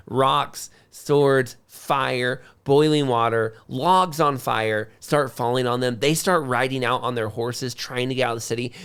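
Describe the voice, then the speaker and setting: A man's voice: mid-range voice, vocal fry, smooth. A man co-hosting a podcast, retelling history in a casual, conversational way. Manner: conversational, acts out quotes in a lively way. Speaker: podcast co-host. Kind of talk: casual storytelling about history.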